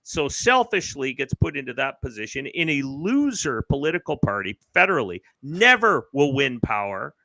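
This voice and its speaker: A man's voice: medium pitch, very animated, normal speed, hardly any pauses, pushed and bright, no echo, low-quality recording. A man from Canada hosting a political livestream, ranting sarcastically over a webcam mic. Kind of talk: political commentary rant.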